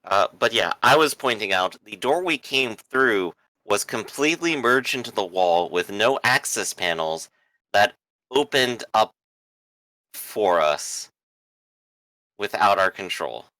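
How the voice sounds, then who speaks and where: A man's voice: lowish voice, lively intonation, slow pace, pushed and bright, no echo, low-quality recording. A man playing a tabletop game, thinking aloud and asking practical questions about the plan. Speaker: player. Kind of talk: casual tabletop game talk.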